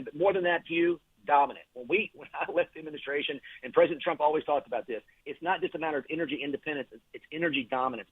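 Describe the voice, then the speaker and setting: Man, political guest, quick husky speech, tinny phone line. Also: a little high, no room sound. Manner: earnest, stumbles with repeated words. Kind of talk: phone interview.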